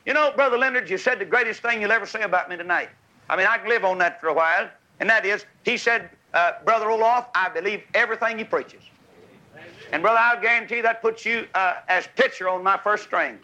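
A man preaching a revival sermon with fiery, exhorting fervor. His voice sits high and rings very bright and forceful, dropping low, then surging up to shouts. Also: fairly quick, rough recording. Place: large revival tent.

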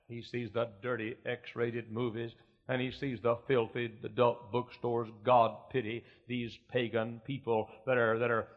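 Middle-aged pastor, folksy sermon voice that builds to loud preaching, dull lo-fi recording. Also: male voice, medium pitch, steady tone, moderate pace. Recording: muffled lo-fi recording.

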